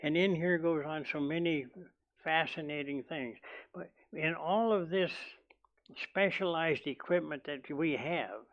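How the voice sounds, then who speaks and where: A man preaching a sermon in a church, talking slowly and deliberately, often restarting his sentences. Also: on the high side, fairly bright tone, dull audio. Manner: slow and deliberate, with many restarts. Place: church hall.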